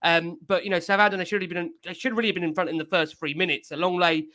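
A man's voice: high voice, steady tone, quick pace, pushed and bright. A man hosting a fan podcast, steering the talk to guests and reviewing the match. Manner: conversational, steering, slightly hesitant. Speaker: podcast host.

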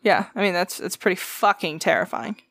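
A woman's voice: fairly low pitch, lively intonation, a little fast, a bit bright, no echo, clean studio sound. Playful woman podcast co-host. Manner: playful, joking, laughs often. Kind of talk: casual chat.

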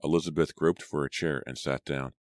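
A man narrating an audiobook in a steady, measured reading. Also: a bass voice, no room sound, clean studio sound. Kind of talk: scripted narration.

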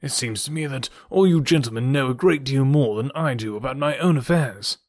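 A man's voice: medium pitch, a little fast, darkish tone, no echo, clean studio sound, lightly acted. A man reading aloud and voicing a blunt, impatient young heir who talks plainly and directly. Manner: blunt, forthright, plain-talking.

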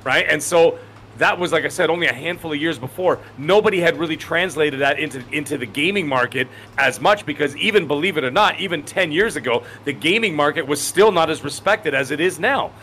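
A man's voice: a little high, a little fast, pushed and bright, a little hiss or hum. A man in his forties co-hosting a podcast in casual chat, rambling and emphatic, often correcting himself mid-sentence. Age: 40s. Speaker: podcast co-host.

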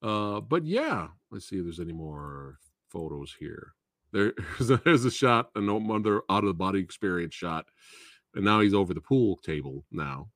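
A rather low-pitched man talks through a movie in a loose, rambling way, full of "uh" and asides. The sound is dry and close, with no room echo. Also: big pitch swings, moderate pace, a bit bright. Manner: rambling and chatty, with fillers and laughs. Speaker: host of a movie talk show. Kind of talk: casual live movie review.

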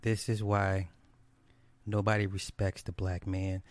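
A man's voice: sits low, level tone, a little slow. A man delivering a ranting solo commentary, blunt and scornful, who swears freely and repeats his points for emphasis.

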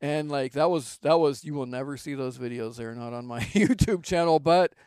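A middle-aged man hosting a podcast, chatting casually and teasing his guest with quick laughs. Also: mid-range voice, darkish tone, smooth, no room sound, clean studio sound. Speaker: podcast host. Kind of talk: casual conversational podcast chat.

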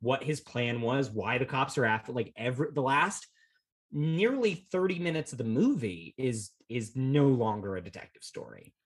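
A man with a slightly husky, unpolished voice chats casually about a movie as a podcast co-host. He rambles, jokes and drops the odd curse word, and his pitch sits mid-range for a man. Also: big pitch swings, moderate pace. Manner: rambling, jokey, profane. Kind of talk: casual film discussion.

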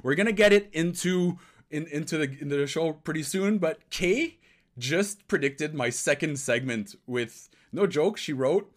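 A man's voice: on the high side, unhurried. A Canadian man hosting a casual hockey analysis livestream, rambling and upbeat, now and then slipping into French. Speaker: podcast host.

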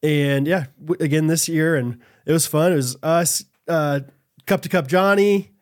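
A man's voice: fairly high pitch, steady tone, measured pace. A man in his thirties co-hosting a podcast, chatting casually, rambling and laughing often. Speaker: podcast co-host. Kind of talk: casual chat.

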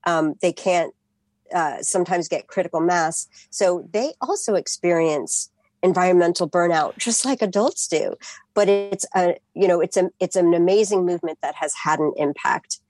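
A woman professor from California answers interview questions in a thoughtful, halting way. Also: fairly low pitch, dry recording. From California, USA. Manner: thoughtful, warm, halting with fillers. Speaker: professor, guest expert.

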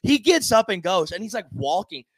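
A fairly high-voiced man co-hosting a sports podcast, his pitch leaping around as he tells stories. He laughs often and acts out what other people said. The sound is dry and close. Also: normal speed, slightly rough, no echo. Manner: animated storyteller, laughs often, acts out quotes. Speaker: podcast co-host. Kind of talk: casual sports podcast chat.

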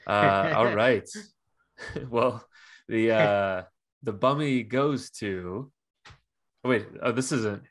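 A man's voice: on the low side, very slow, pauses often, fairly bright tone. A man co-hosting a podcast in casual chat, laid-back and hesitant with many fillers. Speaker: podcast co-host.

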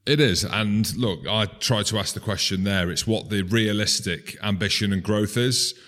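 A man's voice: on the low side, normal speed, fairly bright tone. Chatty man talking rugby. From Scotland. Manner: chatty, self-mocking, name-dropping. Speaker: podcast co-host. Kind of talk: casual rugby chat.

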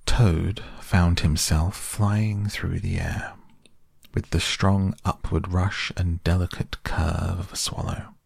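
A man narrating a storybook softly and slowly as a bedtime audiobook, close to the mic. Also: sits low, fairly even intonation, vocal fry, husky, no echo. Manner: slow, soft, soothing delivery. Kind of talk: soft bedtime audiobook reading.

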